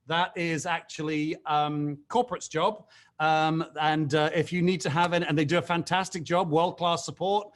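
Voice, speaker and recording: A middle-aged man hosting a team video call, upbeat and chatty, with self-mocking jokes and frequent fillers. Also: on the high side. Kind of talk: energetic video call pep talk.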